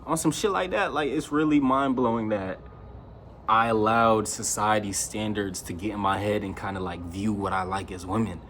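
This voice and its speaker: A man's voice: lowish voice, steady tone, normal speed, a bit bright, a little hiss or hum. A young man talking straight to camera in a loose, slangy monologue, raising his voice when he quotes his friends. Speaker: vlogger.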